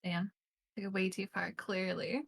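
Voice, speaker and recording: A woman's voice: mid-range voice, little pitch movement, normal speed, vocal fry. A woman guesting on a live stream, chatting casually and teasing the host.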